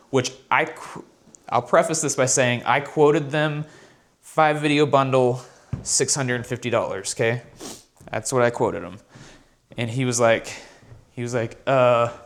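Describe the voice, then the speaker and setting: A man's voice: medium pitch, a little slow. A man talking casually in a vlog, telling a rambling story about his work from home. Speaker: vlogger and content creator.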